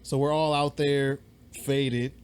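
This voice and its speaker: A young man co-hosting a podcast, telling a story in a rambling, animated way, swearing freely and acting out the voices of people he quotes. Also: mid-range voice, slow, smooth. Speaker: podcast co-host. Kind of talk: casual storytelling chat. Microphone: podcast mic.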